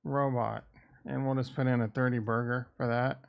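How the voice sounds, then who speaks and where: With a creaky, medium-pitched voice that barely moves in pitch, a man from the American Midwest chats casually on his crypto and stock livestream at a moderate pace. He rambles irreverently as he thinks aloud, and the sound is lo-fi.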